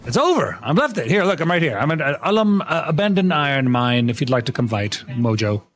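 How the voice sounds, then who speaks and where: A young man live-streaming a game, talking to his chat in an excitable, laughing, apologetic way. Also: mid-range voice, brisk, slight background noise.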